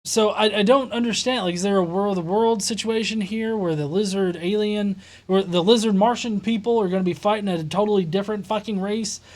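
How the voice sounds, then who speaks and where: A man's voice: high-pitched, brisk, few pauses, a little mellow. A man hosting a reaction commentary, sarcastic and exasperated, swearing often. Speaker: host reacting to a video.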